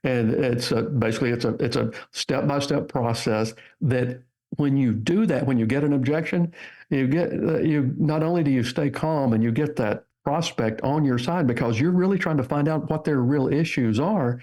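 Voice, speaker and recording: A man's voice: mid-range voice, moderate pace. An older man, a guest author, telling stories in a podcast interview and acting out the people he quotes. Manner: animated storyteller, acts out quotes. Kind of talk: interview storytelling.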